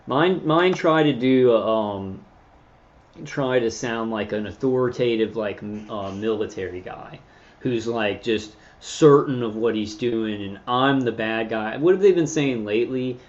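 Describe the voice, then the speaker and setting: A man's voice: medium pitch, darkish tone. Rambling man on a dull lo-fi mic. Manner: meandering, halting, many fillers and restarts. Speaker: channel host reading live chat. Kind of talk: rambling casual livestream talk.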